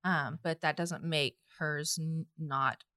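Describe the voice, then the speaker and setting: Woman podcast co-host, bright voice, animated storyteller, dry sound. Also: low-pitched, slow pace, smooth, no echo. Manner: animated storyteller who laughs often. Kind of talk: casual podcast chat.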